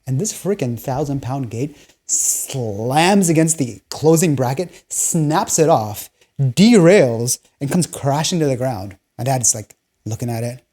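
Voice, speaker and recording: A woman's voice: very deep voice, expressive, moderate pace, mellow, husky. A woman hosting a video, explaining personality types through laid-back, jokey stories and laughing between lines. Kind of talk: casual storytelling monologue.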